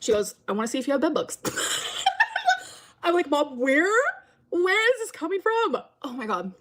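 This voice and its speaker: A woman's voice: high-pitched, huge pitch swings, unhurried, a bit bright. A woman telling a rambling story to camera in a casual vlog, full of fillers and acted-out quotes.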